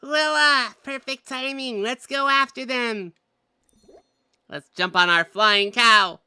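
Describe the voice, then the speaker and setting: A woman's voice: on the high side, slow, bright, forceful tone, clear, resonant tone, no echo, studio quality, pitched above the performer's own voice, exaggerated voice. A woman reading out a game heroine's lines in an upbeat, commanding way. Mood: eager.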